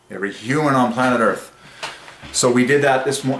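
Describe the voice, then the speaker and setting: A man hosting a religious numerology channel, speaking in an excited monologue that swings between rapturous bursts and quiet musing. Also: medium pitch, slow, long pauses, reverberant, a little hiss or hum.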